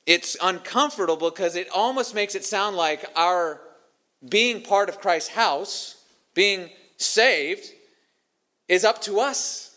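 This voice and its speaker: A man's voice: high-pitched, slow, sharp tone. A man preaching a sermon as pastor, earnest and emphatic, repeating his key phrases.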